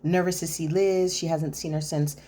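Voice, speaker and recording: A woman's voice: deep voice, fairly even intonation, normal speed, warm tone. A woman hosting a chatty, sassy recap of a reality TV episode, talking straight to her viewers. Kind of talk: casual episode recap commentary.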